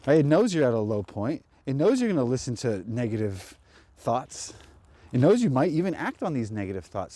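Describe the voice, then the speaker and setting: Lively, mellow-voiced man hosting a spiritual talk. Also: mid-range voice, a little fast. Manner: chatty, laughs at his own jokes. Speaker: spiritual channel host. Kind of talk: casual spiritual talk to camera. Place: outdoors in a cemetery.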